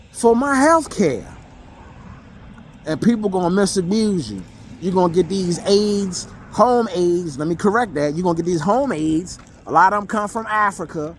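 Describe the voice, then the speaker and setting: A man's voice: high voice, a little hiss or hum. A man giving a blunt, emotional monologue, profane and repeating himself for emphasis. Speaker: vlogger.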